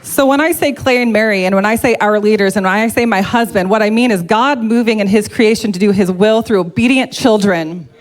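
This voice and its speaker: A woman's voice: mid-range voice, fairly quick, few pauses. A woman giving a heartfelt, emotional personal testimony to a church congregation, speaking openly and earnestly.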